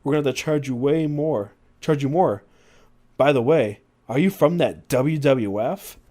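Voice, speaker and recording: A man's voice: medium pitch, normal speed, dark tone, voice pushed up, natural voice. A man voicing a polite, fussy British hotel manager with a put-on British accent, apologizing over and over. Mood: apologetic.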